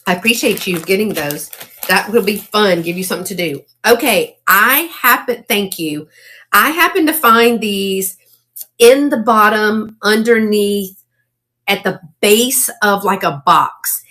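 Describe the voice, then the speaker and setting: A woman, hosting a casual live sale. She chats and exclaims over old items, and she reads faded handwriting aloud haltingly. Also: medium pitch, bright, forceful tone. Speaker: online live-sale seller.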